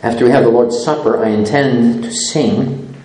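A man preaching a sermon, slow and deliberate, falling to a near hush on key phrases. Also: medium pitch, fairly even intonation, heavy reverb, poor audio. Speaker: pastor.

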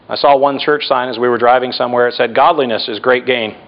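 A middle-aged male pastor preaching a sermon, slowing down and dropping his voice for emphasis. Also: mid-range voice, fairly even intonation. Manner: preaching with emphatic slowdowns and dramatic drops in volume. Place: church. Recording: dull lo-fi church recording.

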